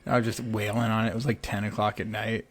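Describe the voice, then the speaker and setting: A man's voice: fairly low pitch, level tone, fast. A young man co-hosting a podcast in casual chat, throwing in dry, wisecracking remarks. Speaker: podcast co-host.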